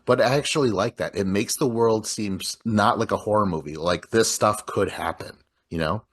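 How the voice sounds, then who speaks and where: A man with a lowish voice and a husky, slightly breathy edge, chatting loosely about a film. He rambles and stacks filler words as he walks through scene after scene. The delivery is unscripted and conversational. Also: moderate pace, fairly bright tone. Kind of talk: casual film discussion.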